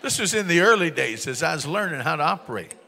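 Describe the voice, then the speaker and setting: A man preaching a sermon through a story, folksy and humorous, slowing down and rising for emphatic proclamations. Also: on the high side, big pitch swings, gravelly, sharp tone, big-room sound.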